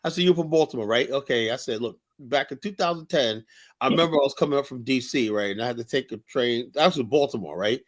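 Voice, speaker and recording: A man hosting a heated casual debate show, talking in an animated, repetitive way and swearing often. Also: mid-range voice, quick pace. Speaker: host.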